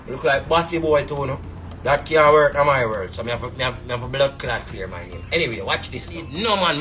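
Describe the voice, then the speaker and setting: A man's voice: mid-range voice, animated, a little fast, bright, forceful tone, soft background music. A man with a Jamaican patois accent, ranting casually and indignantly on a live stream, rambling and repeating fillers. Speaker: businessman telling his side.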